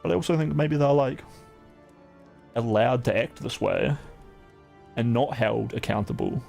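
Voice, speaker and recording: A man's voice: mid-range voice, unhurried, gravelly, a little mellow, faint music behind. A man streaming, chatting casually in a rambling, profane way, full of "like" fillers.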